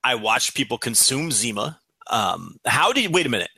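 A man's voice: mid-range voice, big pitch swings, moderate pace, creaky, sharp tone, slightly rough, dry recording. A man co-hosting a podcast, chatting casually with dry, joking remarks. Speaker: podcast co-host.

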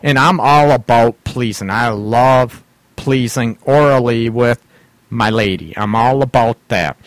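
A man's voice: medium pitch, a little slow, no room sound. A middle-aged man hosting a casual talk show about relationships, rambling and laughing often. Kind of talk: casual radio-style chat about relationships.

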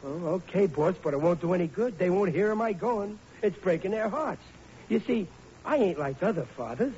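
A man's voice: high voice, expressive, normal speed, a little mellow. An actor playing a blundering, blustering working-class family man with a Brooklyn accent in a 1940s radio sitcom. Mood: reluctant. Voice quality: ungrammatical, fretful bluster. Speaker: sitcom lead. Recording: muffled old radio broadcast with hiss.

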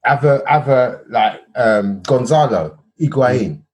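A man's voice: mid-range voice, lively intonation, takes it slowly, a little mellow. A man, co-hosting a casual podcast and telling a football story, checking in with "yeah?" and "bro". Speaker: podcast co-host. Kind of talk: casual chat.

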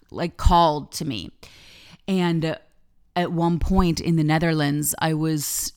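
With a clear, resonant, low-pitched voice, a woman life coach who hosts a podcast recounts a personal story. She's candid and lively throughout, cursing freely as she talks.

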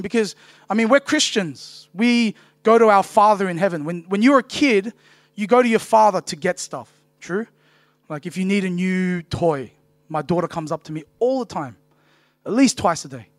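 Man, 30s, pastor, casual joking sermon, high pitch. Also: no room sound. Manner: chatty, joking, rhetorical "right?" tags.

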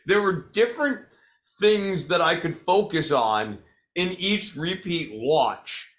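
Man, podcast co-host, slightly high voice, casual, filler-heavy chat. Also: lively intonation, takes it slowly, a bit bright. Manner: loose, lots of filler "like". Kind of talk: casual wrestling commentary chat.

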